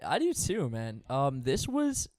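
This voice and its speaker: A man's voice: medium pitch, measured pace, no room sound. Dry-sounding man telling a story. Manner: animated storytelling, heavy swearing. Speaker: podcast co-host. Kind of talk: casual chat.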